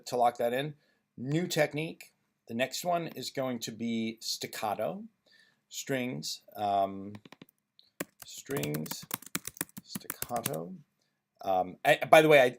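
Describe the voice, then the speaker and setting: A man presenting a music software tutorial, thinking aloud with frequent ums and restarts as he works. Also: medium pitch. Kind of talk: screen-recorded software tutorial.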